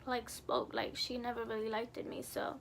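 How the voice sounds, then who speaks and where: A woman's voice: fairly high pitch, little pitch movement, normal speed, vocal fry, a little hiss or hum. A young adult woman vlogger telling a personal story in an earnest, somber way, full of casual fillers. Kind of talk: storytime narration.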